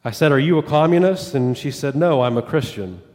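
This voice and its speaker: A man's voice: mid-range voice, animated, fairly quick, a little mellow. A male pastor tells a story from the pulpit. His voice sits in the middle range and rises and falls with the quoted exchanges. The church hall carries it in a long, lingering reverb. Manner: retells a story with quoted dialogue, rising and falling with it. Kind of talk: sermon storytelling.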